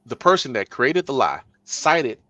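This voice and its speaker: A man hosting a podcast in casual political chat, talking emphatically and building to loud bursts. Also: medium pitch, sing-song, measured pace, no room sound. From Texas. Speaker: podcast host.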